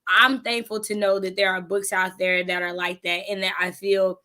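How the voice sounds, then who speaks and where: A woman hosting a casual book discussion, animated and laughing as she acts out her own reactions. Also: medium pitch, normal speed. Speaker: readathon host. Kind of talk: casual video-call book chat.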